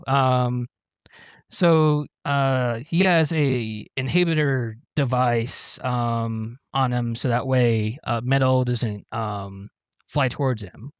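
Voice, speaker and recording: A man's voice: mid-range voice, takes it slowly, clear, resonant tone, no echo. A man hosting a casual talk about comics, recapping plots with many ums and restarts. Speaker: podcast host. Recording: dull, dry lo-fi sound.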